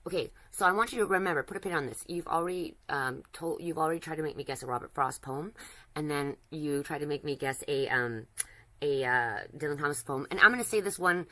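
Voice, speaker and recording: Woman, low voice, livestream chat, flirty, rambling. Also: a little fast, pushed and bright. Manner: rambling, flirty, restarts often. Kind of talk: casual chat with a chatbot while drawing.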